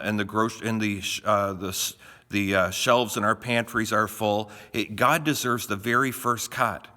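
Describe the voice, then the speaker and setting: A man's voice: fairly low pitch, bright, forceful tone. A middle-aged male pastor from Canada giving a short devotional talk in a conversational, folksy way, often restarting his sentences. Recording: long reverb, roomy.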